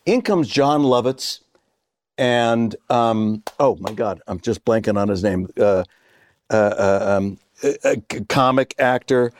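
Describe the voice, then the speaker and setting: A middle-aged actor, appearing as a guest in a casual chat, tells a story in a lowish, slightly slow voice with a little hiss or hum in the audio. He acts out the voices of the people in it and laughs partway through.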